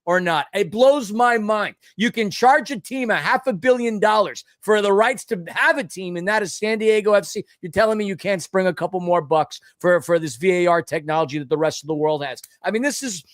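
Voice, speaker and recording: A man's voice: high-pitched, fairly quick, few pauses, a bit bright, dry recording, studio quality. A man co-hosting a casual sports podcast, rambling and ranting, often stumbling over his words. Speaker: podcast co-host.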